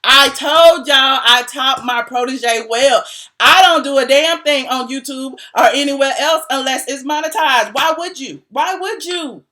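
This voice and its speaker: Sassy high-voiced woman gossip vlogger. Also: a little slow, bright, forceful tone. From Atlanta, US. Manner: sassy, repetitive, laughing asides. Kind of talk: casual commentary vlog.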